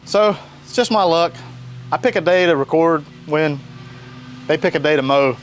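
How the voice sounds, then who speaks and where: Standing by a grill outside, a cooking show host from North Carolina talks at normal speed in a slightly high voice, with a bit of background noise. His demo is casual and folksy, full of jokes and animated energy.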